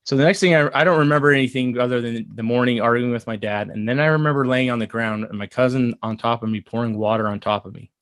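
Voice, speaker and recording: An earnest man in his thirties recounts a personal story, pausing and restarting often. His voice sits mid-range, and the recording is dry with no room sound. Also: mid-range voice, fairly bright tone, no echo. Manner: earnest, halting with fillers and restarts. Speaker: guest. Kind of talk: casual storytelling.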